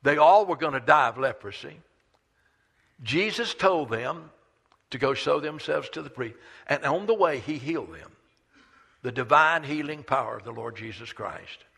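A man preaching a sermon as a pastor, swinging between loud declarations and hushed, dramatic asides. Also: medium pitch, animated, normal speed, vocal fry, slightly rough, big-room sound. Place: church sanctuary.

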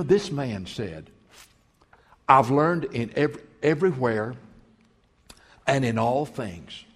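Male pastor, slow and emphatic delivery, lively rising and falling pitch, reverberant sanctuary sound. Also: husky. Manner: emphatic preaching, repeating key phrases. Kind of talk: sermon.

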